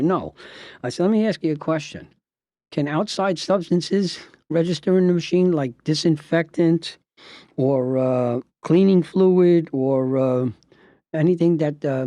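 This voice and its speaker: A man's voice: fairly high pitch, dark tone, dry recording. Older New man telling a courtroom story. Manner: acts out both sides of a cross-examination, sarcastic asides. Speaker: defense lawyer recounting a trial. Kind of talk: anecdotal storytelling, reenacting dialogue.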